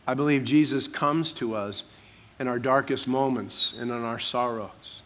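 A man preaching a sermon, swinging from soft hushed asides to loud, drawn-out emphatic declarations. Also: medium pitch. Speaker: pastor.

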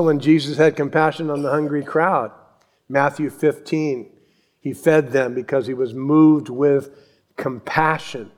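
A man preaching a sermon, telling Bible stories with animated acted-out voices. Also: on the high side. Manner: animated storytelling, acts out voices and yells. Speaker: pastor.

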